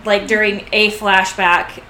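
A woman co-host chats in a relaxed, hedging way while she fills in details. Her voice is bright at a middle pitch. The room is echoey with faint noise behind it. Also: slow. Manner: chatty, hedging reactions. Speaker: podcast co-host. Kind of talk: casual chat.

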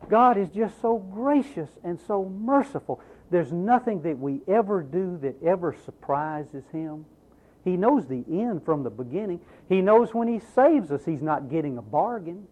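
A man's voice: high-pitched, animated, measured pace, a little mellow. A man preaching a sermon with emphatic delivery and rhetorical questions to the congregation. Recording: tinny, phone-like narrow sound.

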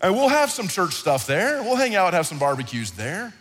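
A man preaching a sermon in a conversational, animated style, often repeating himself. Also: sits high, moderate pace. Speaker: pastor. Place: large hall, church service. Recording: reverberant hall with faint music.

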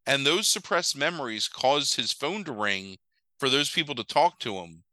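A man's voice: mid-range voice, normal speed, dry recording, poor audio. Rambling, profane man recapping a film. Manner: rambling, profane, animated retelling with quoted voices. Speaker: podcast co-host recapping a movie. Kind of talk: casual chat.

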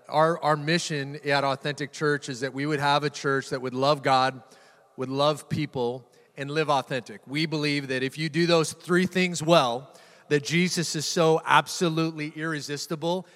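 A man's voice: a little high, steady tone, moderate pace, a bit bright. A male pastor preaching a sermon to a live audience, conversational and jokey, often repeating words. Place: church hall with live audience. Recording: reverberant church hall.

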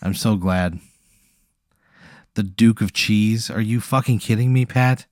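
A man co-hosting a podcast, reacting in deadpan, exasperated, swearing banter. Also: lowish voice, a little slow, dry recording, studio quality. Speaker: podcast co-host. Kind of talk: casual comedic banter.

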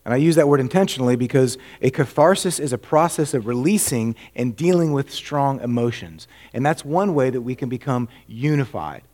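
A man delivers a sermon from the pulpit, his voice sitting in an ordinary middle pitch. He is earnest, leaning on rhetorical questions, and he sinks to a near hush before climbing back to emphatic, rising lines. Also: lively intonation, brisk, few pauses. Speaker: pastor.

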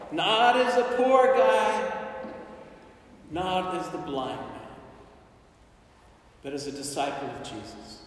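A man preaching a sermon as a priest, acting out pleas in the first person with dramatic feeling. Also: high-pitched. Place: large church. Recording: distant mic, echoey church hall.

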